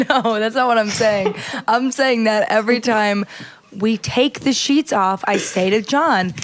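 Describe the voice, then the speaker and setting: A woman's voice: fairly high pitch, unhurried. Brief: woman podcast co-host, blunt and jokey, laughs easily in casual chat. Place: at home.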